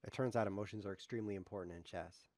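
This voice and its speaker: A man streaming live chess commentary, joking and mocking himself, muttering quietly while he thinks over his moves. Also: lowish voice, rapid-fire, dry recording. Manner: joking, self-mocking, animated.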